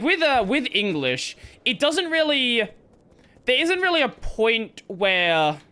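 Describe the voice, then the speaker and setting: A man's voice: sits high, sharp tone. A man from Australia, rambling and swearing casually as he comments on his own gameplay. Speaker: gaming streamer.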